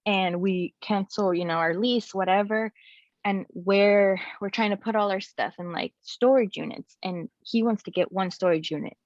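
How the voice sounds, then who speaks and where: A young adult woman telling a personal story as a guest, in a candid and animated way with many casual fillers. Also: medium pitch, normal speed, dry recording. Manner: animated, frequent "like" and "you know" fillers. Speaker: guest sharing her story. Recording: slightly muffled, dry recording.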